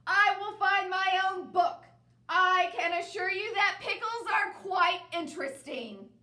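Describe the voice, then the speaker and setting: A woman voicing a grumpy, pompous male bear who talks loudly and haughtily. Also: high-pitched, expressive, a little slow, echoey room, pitched above the performer's own voice. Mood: indignant. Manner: loud, blustering, haughty.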